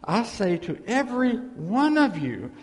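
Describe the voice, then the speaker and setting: A man's voice: high-pitched, very animated, a little slow, in a large hall. A man preaching a sermon, telling stories and drawing in the congregation with repeated questions and amens. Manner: storytelling with call-and-response asides. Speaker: pastor.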